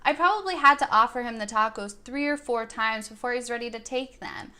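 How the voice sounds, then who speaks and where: A woman's voice: a little high, fairly quick, bright, forceful tone, smooth. A young woman vlogger telling a personal story in an earnest, reflective way, now and then quoting her own words. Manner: earnest and thoughtful, quoting herself in dialogue.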